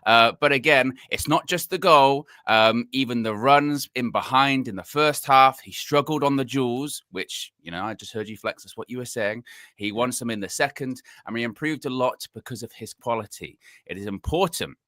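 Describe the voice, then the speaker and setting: A man's voice: medium pitch, moderate pace, pushed and bright, dry recording. A man hosting a casual football fan podcast from home, chatty and given to repeating his phrases as he reads out quotes. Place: home, video call setup.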